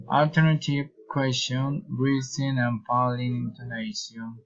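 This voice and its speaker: A man with a Colombian Spanish accent, reading English intonation practice sentences aloud in a slow, deliberate way. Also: mid-range voice, highs cut off. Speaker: English learner.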